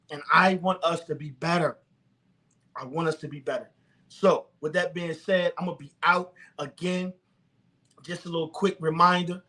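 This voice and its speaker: Fervent high-voiced man. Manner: fervent, exhorting, then relaxed announcements. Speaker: live video host. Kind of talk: preaching-style livestream talk.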